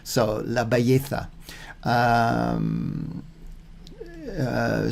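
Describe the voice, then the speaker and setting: A man working through his Spanish practice notes out loud, thinking aloud with many fillers and restarts, and reading phrases slowly and deliberately. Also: medium pitch. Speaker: Spanish learner. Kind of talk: casual self-recorded practice talk.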